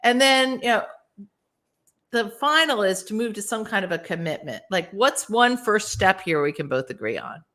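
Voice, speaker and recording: A woman as a podcast guest giving casual, animated advice and acting out example phrases. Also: mid-range voice, normal speed. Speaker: podcast guest, workplace author.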